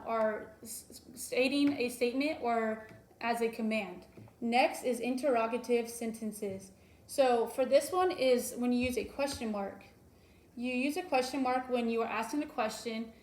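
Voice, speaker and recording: A woman's voice: fairly high pitch, darkish tone. A young woman teacher giving a recorded lesson to young children, explaining patiently with frequent ums. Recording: roomy echo.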